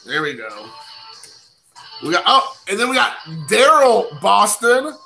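Chatty man with a high, bright, gravelly voice. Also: wildly swooping pitch, slow pace, faint music behind, rough recording. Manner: rambling, self-deprecating, chatty asides to viewers. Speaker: card collecting channel host. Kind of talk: casual live-stream chat while opening cards.

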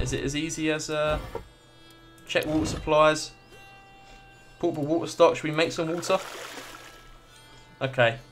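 Man with a slightly high voice giving swear-laden game commentary, faint music behind. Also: fairly bright tone. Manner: swears freely and reads game text aloud. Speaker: gaming video creator. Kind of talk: casual gameplay commentary.

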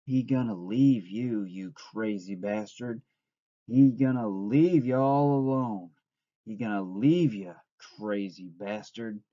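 A man's voice: on the low side, takes it slowly, mellow, no room sound. A man doing a scornful, taunting giant rabbit. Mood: soft mocking. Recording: dull lo-fi recording.

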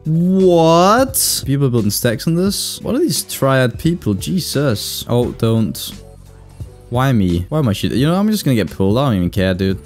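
A young man narrates his match in real time, swearing freely and reacting loudly to every fight. His voice swings widely up and down as the action shifts. Soft game music sits underneath. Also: mid-range voice, sing-song, normal speed. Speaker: gaming YouTuber. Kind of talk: live gameplay commentary.

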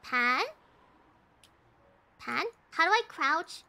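A young woman streams herself playing a cooking game, chatting casually and excitably, repeating herself in frantic bursts. Her voice sits high and her pace is slow, typical of casual gaming stream commentary.

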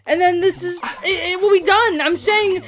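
A woman's voice: very high-pitched, steady tone, normal speed. A woman co-hosting a let's play in casual chat, teasing and playful, giggling often.

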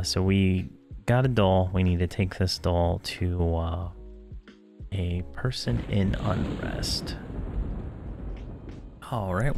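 A man's voice: low-pitched, vocal fry. A man casually talking through a video game quest, with lots of hesitations. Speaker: gamer commentator. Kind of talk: game playthrough commentary.

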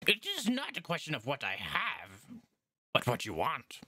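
A man's voice: mid-range voice, huge pitch swings, normal speed, bright, forceful tone, a little hiss or hum, full character voice. A man voicing a scheming male red goblin merchant with fawning sales patter. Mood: salesy.

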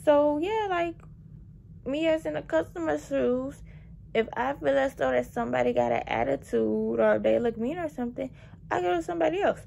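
A young woman telling a workplace story in a casual, animated, sassy way. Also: high voice, normal speed, gravelly, a little hiss or hum. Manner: animated, sassy, petty venting with dramatic emphasis. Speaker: vlogger telling work stories.

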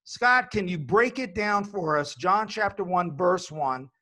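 A man with a slightly raised pitch leads a discussion as host and presses his guest with earnest, probing questions. He talks in a steady, direct way. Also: measured pace. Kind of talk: hosting a religious discussion.

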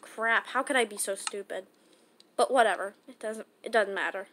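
A woman's voice: mid-range voice, normal speed. A woman casually talking through a game as she plays, rambling and chatting to herself. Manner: chatty, rambling self-talk. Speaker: gaming channel host. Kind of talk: casual gameplay commentary. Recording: loud background noise.

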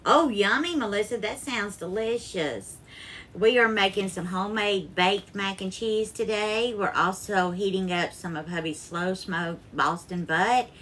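With a mid-range, sharp-toned voice and a little background noise, a Southern woman from Alabama hosts a laid-back live cooking show in her home kitchen. She's effusive, welcoming each viewer by name in a bubbly sing-song and calling them darling.

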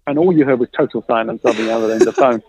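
A middle-aged man, a guest on an interview show, telling a story with lively, self-mocking humor and acting out the dialogue he quotes. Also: medium pitch, racing. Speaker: guest, innovation consultant. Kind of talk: animated anecdote telling in a podcast interview. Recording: dry, tinny phone-like line.

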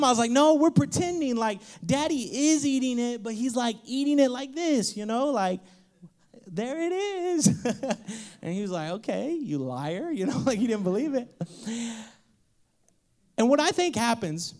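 A young man preaching with a bright, high-pitched voice. He tells stories in an animated, playful way, slipping into character voices for a moment. He is speaking to a congregation in a church. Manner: animated, playful, acts out child and God voices. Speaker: pastor. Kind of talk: lively sermon with storytelling.

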